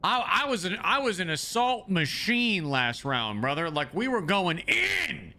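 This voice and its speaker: A young male game streamer with a high, bright voice. He rants fast and profanely, often stumbling over restarts. He talks straight to his chat. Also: very animated. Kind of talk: profane live-stream rant.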